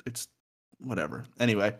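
Low-voiced young man joking on a podcast. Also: brisk. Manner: joking, swears, laughs often. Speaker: podcast co-host. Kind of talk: casual podcast chat about music. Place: home room by a window.

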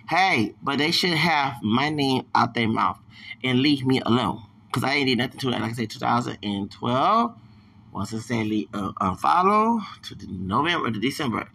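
Man, gravelly husky voice, bright edge, lively sing-song delivery, casual podcast rant. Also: medium pitch. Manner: animated, laughing, mimicking reactions with sudden shrieks. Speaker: podcast host.

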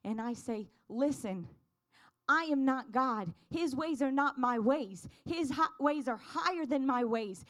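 A woman with a high voice shares a personal faith testimony. She speaks earnestly and fervently, building to emphatic declarations. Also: animated, a little slow, a bit bright.

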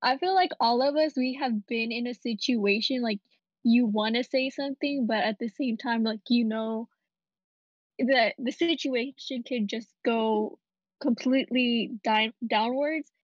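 A woman's voice: fairly high pitch, a little slow, no room sound, dull audio. A woman who works at a school, speaking outspokenly in a casual group conversation. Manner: outspoken, quotes herself often. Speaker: school staff member.

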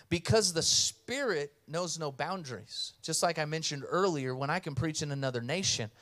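A man's voice: on the high side, a bit bright. A man preaching a sermon as pastor, conversational and earnest, telling stories and reading scripture.

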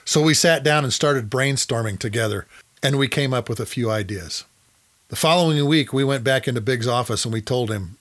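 A man's voice: mid-range voice, brisk, fairly bright tone. Middle-aged man telling his own story. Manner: acts out dialogue in his anecdotes. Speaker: podcast host, former fighter pilot. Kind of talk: first-person storytelling.

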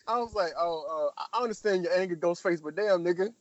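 A man's voice: a little fast, dry recording, highs cut off. A man in casual chat, animatedly recapping a TV episode and acting out the characters' lines with sudden jumps in his voice. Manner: animated storytelling, acting out quotes with big pitch jumps, heavy profanity.

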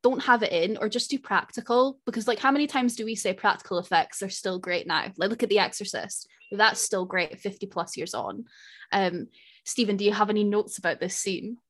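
Woman podcast host, friendly, mid-pitched, casual. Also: a little fast, fairly bright tone. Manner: friendly, leads the discussion. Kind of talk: casual chat.

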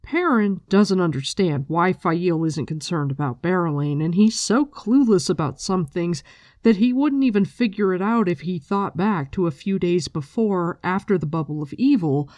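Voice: mid-range voice, animated, moderate pace, a little mellow, no room sound. A host casually recapping a book with blunt, profane chat, mixed with reading passages aloud.

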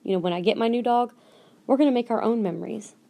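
A woman's voice: fairly high pitch, quick pace, gravelly, mellow. Earnest woman telling a podcast story. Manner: earnest, acts out quoted voices. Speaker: podcast host. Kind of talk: casual storytelling monologue.

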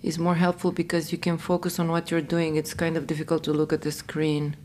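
A woman with a low voice hosts a casual interview, weighing her words with small hesitations. A faint background noise hums behind her. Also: completely flat delivery, fairly quick, a little mellow. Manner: thoughtful, hesitant with "uh" fillers. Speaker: podcast host.

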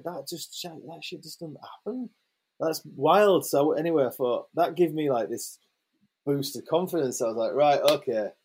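Swearing freely and stumbling through plenty of fillers and restarts, a young adult man tells a story as an interview guest in a casual chat. He's lively, with a medium-pitched, slightly rough voice.

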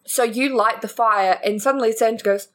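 A woman's voice: on the high side, fairly even intonation, normal speed, fairly bright tone. A woman narrating as game master of a tabletop game, playful, slipping into character voices.

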